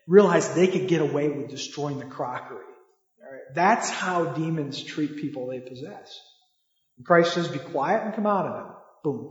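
A man preaching a sermon in a conversational way, asking the listeners rhetorical questions. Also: on the high side. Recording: echoey hall, dull lo-fi sound.

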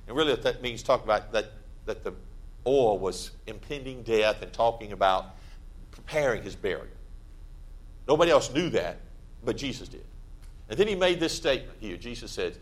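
A man preaching a sermon in a church, conversational and plain-spoken, with sudden loud emphatic bursts. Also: mid-range voice, expressive, normal speed, long pauses. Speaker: pastor.

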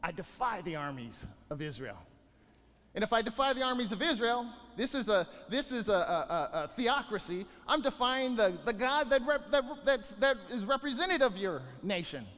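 Very high-voiced preaching man, echoing hall. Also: brisk, few pauses. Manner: animated, often repeats and restarts words. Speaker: pastor. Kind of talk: sermon.

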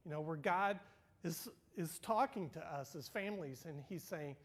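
Older male pastor, animated sermon storytelling. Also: fairly high pitch, normal speed. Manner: animated, acts out dialogue, swings from hushed to loud.

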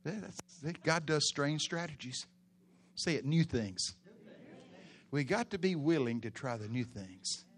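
A pastor preaching a sermon in a church, telling stories with animated, loud bursts. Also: male voice, a little high, measured pace.

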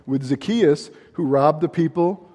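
A man preaching a sermon in a rambling, animated way, breaking off into asides and laughing at himself. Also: on the high side, unhurried, slightly rough. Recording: hall reverb.

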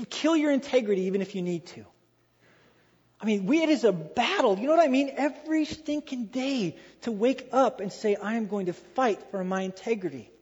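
A man preaching a sermon in a lively, animated way, acting out quoted voices and repeating phrases for emphasis. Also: high-pitched, moderate pace, breathy edge. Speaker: pastor. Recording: dull lo-fi sound with long hall reverb.

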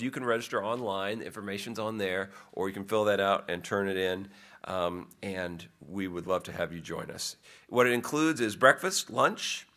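A man reads out church announcements from the pulpit. His voice sits a little low but sounds bright and forceful. He talks in a folksy, conversational way and turns aside now and then to people in the pews. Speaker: pastor giving church announcements.

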